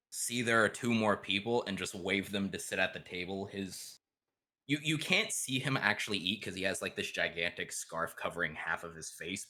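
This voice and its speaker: A man's voice: low voice, bright, forceful tone. A man playing a tabletop game, casually describing his character's actions. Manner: casual, with fillers like like. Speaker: player.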